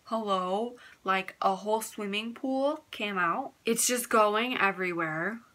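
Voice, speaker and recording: A woman's voice: medium pitch, measured pace, bright, forceful tone. A young woman vlogger telling a personal story in a casual, candid way, often saying "like". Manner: chatty, candid, fills talk with "like".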